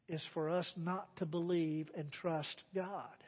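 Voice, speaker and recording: A man preaching a sermon as pastor, with emphatic delivery that swings between loud declarations and quiet asides. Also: fairly high pitch, fairly even intonation, unhurried, few pauses, slightly rough. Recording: dull, reverberant church sermon recording.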